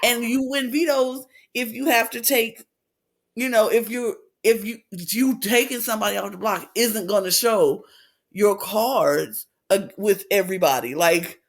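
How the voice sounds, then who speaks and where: A man co-hosting a podcast, chatting casually as he recaps a reality show and acts out quotes in lively voices. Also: unhurried. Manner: animated retelling, acts out quotes with big pitch swings. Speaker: podcast co-host.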